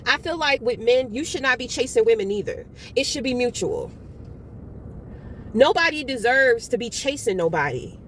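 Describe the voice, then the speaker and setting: A woman with a fairly high voice gives a tarot reading in a loose, chatty way. She is blunt and profane, and tells her stories with animated energy. A faint hum of noise sits behind her. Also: normal speed. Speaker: tarot reader. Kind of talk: casual tarot reading monologue.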